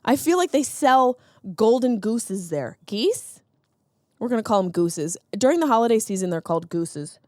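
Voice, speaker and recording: A woman's voice: a little high, sing-song, normal speed, darkish tone, no echo. A woman in her thirties hosting a comedic solo podcast, riffing sarcastically on news stories. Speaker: podcast host.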